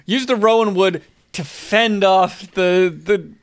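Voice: mid-range voice, takes it slowly. A player at a tabletop game who makes dry, offhand jokes in casual chat.

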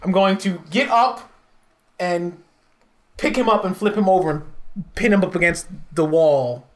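A man playing a tabletop role-playing game, talking in an animated way and laughing often. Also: sits high, unhurried. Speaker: player. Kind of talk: tabletop role-play chat.

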